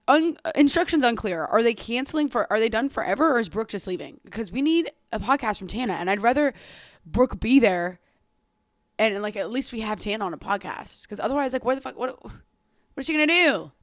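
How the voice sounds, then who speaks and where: A woman's voice: on the high side, brisk, no echo. A young woman in her twenties chats through her solo podcast, cursing freely and gushing over celebrities. She rambles, laughs and keeps apologizing. Her voice is close and dry, with no room sound. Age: 20s. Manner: animated, gushing about pop culture. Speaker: podcast host. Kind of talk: casual solo podcast chat.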